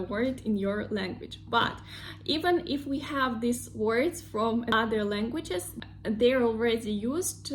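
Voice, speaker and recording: A woman's voice: fairly high pitch, slight background noise. A young woman with a Russian accent teaching pronunciation in a casual online lesson, patiently repeating example words.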